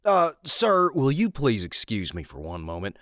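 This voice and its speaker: A man's voice: mid-range voice, wildly swooping pitch, moderate pace, a bit bright, no echo, studio quality. A man voicing a patient, weary middle-aged husband speaking with strained politeness on a phone call. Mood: strained polite. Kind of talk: story reading with acted quotes.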